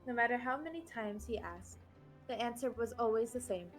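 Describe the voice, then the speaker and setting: Woman reading a soft-spoken explorer mom, slightly high voice, game story read live. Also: brisk, soft background music, lightly acted. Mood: wistful. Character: warm older mother, adventurous explorer woman.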